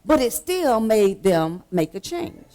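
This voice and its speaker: A woman preaching a sermon with repeated call-and-response lines, dropping to hushed asides and then rising to shouts. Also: mid-range voice, big pitch swings, slow. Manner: swings between hushed asides and shouted exhortation. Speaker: pastor.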